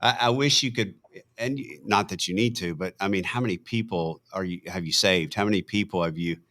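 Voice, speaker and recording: A man's voice: low-pitched, a little fast, fairly bright tone. A man hosting a casual interview, telling stories and often laughing and affirming his guest. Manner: chatty storyteller, laughs often, affirms with "yeah". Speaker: host.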